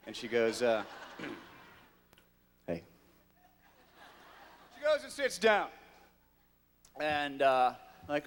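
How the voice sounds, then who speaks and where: A middle-aged man tells a story on stage at a fan convention, his voice lively and swooping up and down as he acts out the people in it. The sound carries a long reverb from the big hall. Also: mid-range voice, normal speed, pauses often. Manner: animated, mimics voices in his anecdote. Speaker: convention guest actor.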